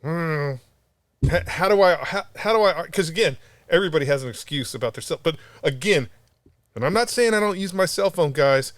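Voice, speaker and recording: A man's voice: fairly high pitch, a little fast, dry recording, studio quality. A man telling a story on a casual podcast, rambling and swearing freely as he goes. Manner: rambling, profane, animated storyteller. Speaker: podcast co-host.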